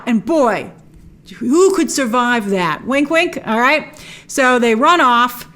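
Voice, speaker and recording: A woman's voice: high-pitched, expressive, a little slow, a bit bright. A woman hosting an episode breakdown, narrating scenes with enthusiasm and playful quoted lines. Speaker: host.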